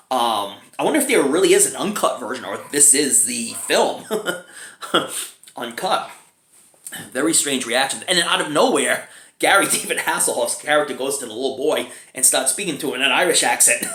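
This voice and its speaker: Chuckling as he goes, a man reviews a film in an easygoing, conversational style. His voice is animated, swinging up and down in pitch, and the space around him sounds big and echoey.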